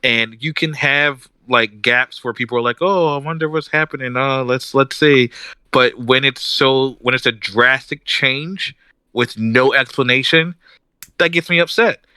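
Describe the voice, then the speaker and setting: A man co-hosting a podcast in casual chat, ranting with animated energy and mimicking characters as he tells a story. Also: mid-range voice, a little slow, clean tone, dry recording. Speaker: podcast co-host.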